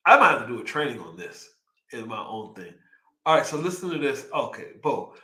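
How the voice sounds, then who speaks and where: A young man with a Texan accent hosting a casual livestream, excitedly reading out numbers and riffing on them. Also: medium pitch, a little fast, reverberant. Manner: excitable, hyped, reads figures aloud and riffs. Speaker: livestream host.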